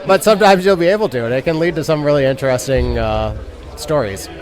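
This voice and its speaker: A man on a live panel who gives relaxed, practical advice about running games and swears now and then. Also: fairly high pitch, fast talker, over music. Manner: relaxed, advisory, mildly profane. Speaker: veteran dungeon master guest. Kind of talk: casual panel chat. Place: outdoor festival stage. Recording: live outdoor recording with crowd. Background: crowd chatter.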